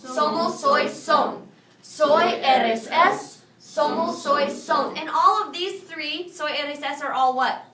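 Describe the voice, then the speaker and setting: A woman teaching a Spanish review lesson to a high school class, firing questions and having students repeat after her. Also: slow pace, over a noisy crowd. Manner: drills students with call-and-response questions. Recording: echoey classroom from far off.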